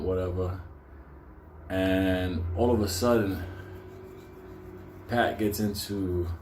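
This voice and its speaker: Profane rambling male storyteller, low voice. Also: a little mellow, a little hiss or hum. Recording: roomy echo.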